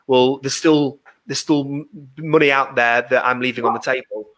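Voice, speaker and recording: A man's voice: mid-range voice, fairly even intonation, moderate pace, a bit bright. Hesitant male podcast host. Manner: hesitant, repeats and restarts words. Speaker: podcast host, business owner. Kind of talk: casual interview chat.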